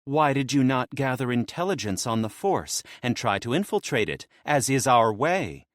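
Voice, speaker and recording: A man's voice: mid-range voice, big pitch swings, unhurried, no room sound, clean studio sound, voice pushed up. A man reading an audiobook, voicing a bold, scheming female necromancer who talks in a curt, demanding way. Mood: commanding.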